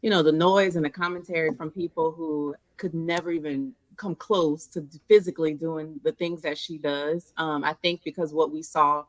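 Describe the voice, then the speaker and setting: A woman with a New Orleans accent, a counselor answering interview questions in a thoughtful, steady way. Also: sits low, normal speed, hardly any pauses, no echo. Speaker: guest, mental health counselor.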